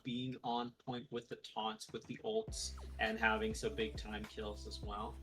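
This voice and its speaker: Excitable male esports caster. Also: medium pitch, poor audio. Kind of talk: live game commentary.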